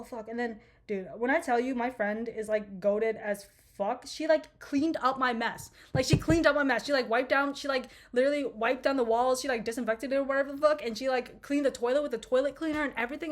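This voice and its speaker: A young woman in her twenties casually telling a rambling, profane story to her viewers, with laughing asides. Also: fairly high pitch. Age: 20s. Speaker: vlogger.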